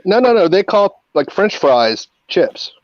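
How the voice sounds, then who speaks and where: A man's voice: high voice, big pitch swings, measured pace, lo-fi sound. A man making wisecracks and swearing on a casual video call. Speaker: guest. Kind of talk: casual livestream chat.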